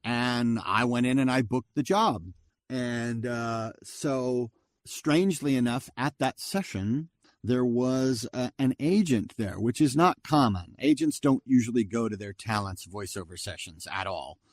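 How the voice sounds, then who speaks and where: A voice actor in his fifties, appearing as a guest, tells stories in a relaxed, chatty interview and performs other people's lines as he recounts them. His voice is medium-pitched and unhurried, recorded in a studio with no room sound.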